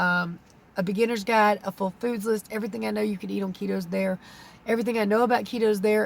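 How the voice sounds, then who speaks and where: A woman's voice: medium pitch, gravelly. A woman, a keto vlogger pleading earnestly with viewers, close to tears. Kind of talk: emotional vlog talk to camera.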